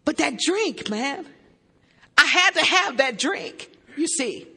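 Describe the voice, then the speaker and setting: High-voiced woman speaking in a reverberant hall. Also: expressive, slow pace. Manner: emphatic, joking and shouting between earnest passages. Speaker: speaker at a recovery meeting. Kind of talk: personal testimony to a live audience. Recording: reverberant hall, live amplified talk.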